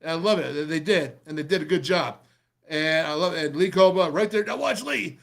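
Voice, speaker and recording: A middle-aged man hosting a show, excitedly breaking down football game film in a rambling, pumped-up way. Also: on the high side, fairly quick, gravelly.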